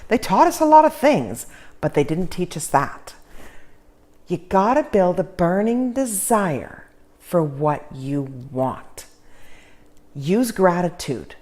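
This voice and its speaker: Female self-help teacher, unhurried delivery, pitch rises and falls freely, folksy and encouraging. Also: big pitch swings, darkish tone. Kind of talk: informal motivational lesson.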